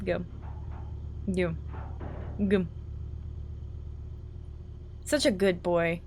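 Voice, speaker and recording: A woman's voice: lowish voice, very slow, darkish tone, soft background music. Playful woman streamer chatting over a game. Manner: chatty, playful, reads game lines aloud and talks to chat. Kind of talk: casual gameplay commentary.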